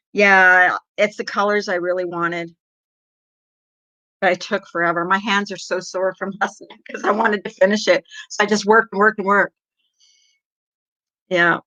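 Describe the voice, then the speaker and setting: A middle-aged woman chats with her livestream viewers, rambling from one thing to the next and laughing often. Her voice is bright and sharp. The sound is dry and dull, like a cheap webcam microphone. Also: fairly low pitch, dry recording. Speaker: livestream host. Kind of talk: casual chat with viewers.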